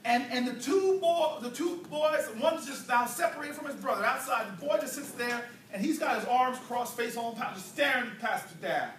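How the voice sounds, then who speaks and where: A political speaker with a very high-pitched, slightly bright voice delivers a rousing, preacherly speech at a moderate pace with few pauses, weaving in playful stories and trading call and response with a crowd. He's in a church hall, recorded on a distant mic that picks up the echo, the crowd, and slight background noise.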